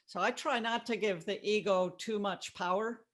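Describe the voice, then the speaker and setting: Woman, author guest, mid pitch, warm and thoughtful, casual interview. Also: fairly even intonation, moderate pace. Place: Florida.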